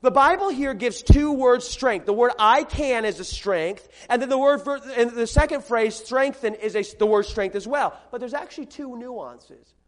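A man with a strikingly high voice delivers an evening sermon to a gathered congregation. His tone is conversational and animated. He checks in with the listeners and circles back to repeat his main points. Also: moderate pace, hardly any pauses. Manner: conversational and animated, asking the audience questions and repeating key points. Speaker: preacher. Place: room with a gathered audience.

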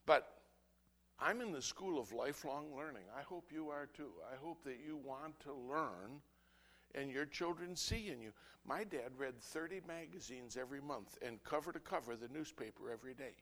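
A man, a pastor, preaching an impassioned sermon that swings between loud outbursts and low, earnest asides. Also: moderate pace. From United States.

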